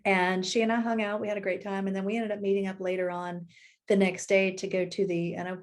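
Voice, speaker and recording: A middle-aged woman appearing as a podcast guest, chatting casually. She tells stories in an animated way and laughs easily as she goes. Her voice sits at an everyday middle pitch. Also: fast talker. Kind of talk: casual storytelling chat.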